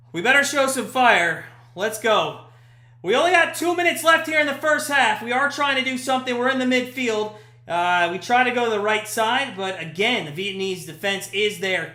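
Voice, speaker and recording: A man hosting a live watch-party stream, giving chatty play-by-play that jumps to shouts at big chances. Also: high voice. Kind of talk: casual watch-party commentary. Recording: echoey room.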